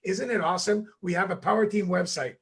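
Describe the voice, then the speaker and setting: Canadian male co-host, high gravelly voice, emphatic livestream hype. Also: fast talker. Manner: animated, emphatic. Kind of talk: enthusiastic livestream pep talk.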